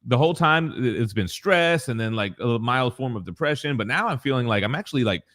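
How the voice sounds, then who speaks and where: A man's voice: mid-range voice, expressive, quick pace, a bit bright. Slangy hype dude in his 40s on a live stream from his basement, cussing, reading chat. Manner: slangy, hype, swears freely; reads chat messages aloud. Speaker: co-host of a collectibles morning show. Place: home basement.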